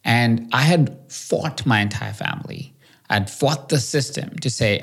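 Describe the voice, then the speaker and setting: Guy hosting his podcast, telling his own story all animated and poking fun at himself. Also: creaky, slightly rough. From India. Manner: animated, self-mocking, quick shifts in pitch. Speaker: podcast host. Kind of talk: solo storytelling episode.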